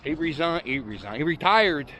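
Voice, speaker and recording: A man's voice: on the high side, big pitch swings, moderate pace, pushed and bright, slight background noise. A man walking outdoors on a city street, chatting casually and rambling as he hosts a walking vlog. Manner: chatty, rambling, self-deprecating. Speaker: vlogger walking tour host.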